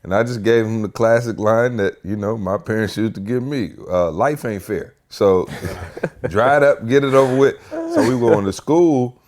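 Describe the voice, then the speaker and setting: A young adult man hosting a podcast, telling stories in a lively, chatty way and acting out other people's voices. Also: lowish voice, moderate pace, slight background noise. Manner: animated storyteller, acts out voices. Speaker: podcast host. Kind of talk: casual chat.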